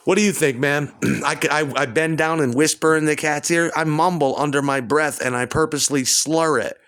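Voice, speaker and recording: A man's voice: on the high side, steady tone, moderate pace, a bit bright, clean tone. A man at home delivering an agitated, profane, rambling rant. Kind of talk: rambling monologue to camera. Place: at home indoors.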